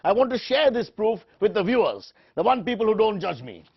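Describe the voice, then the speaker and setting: Man, pompous mock news anchor, high lively voice, husky, dull lo-fi sound. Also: fairly quick. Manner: pompous, indignant, self-important. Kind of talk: parody of a shouting TV debate host.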